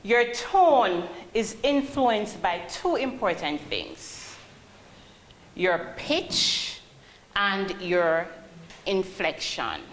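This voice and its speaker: A woman's voice: mid-range voice, sing-song, extremely slow. A woman teaching a call-centre class, calling on students and asking them questions. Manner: calls on students, asks questions. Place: training classroom. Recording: roomy classroom, faint hum.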